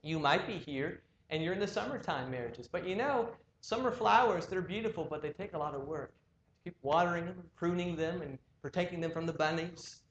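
A man's voice: fairly high pitch, a little fast, lo-fi sound, a little hiss or hum. Earnest preacher man in a roomy church. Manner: earnest, urging, with repeated rhetorical questions. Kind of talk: sermon.

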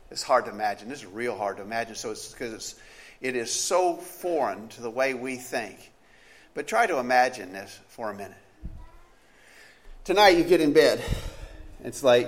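A man preaching a sermon in a conversational, storytelling way, asking the listeners questions and restarting phrases as he goes. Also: medium pitch.

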